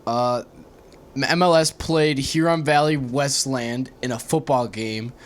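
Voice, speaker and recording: A man's voice: mid-range voice, a little slow. A young man bantering as a guest on a casual podcast with friends. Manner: lively banter. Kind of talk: casual chat.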